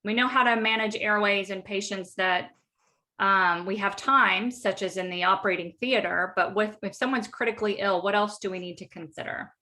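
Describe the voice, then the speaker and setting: A woman moderating an online medical education panel, speaking in a measured, thoughtful way with frequent ums. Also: mid-range voice, steady tone, bright, forceful tone.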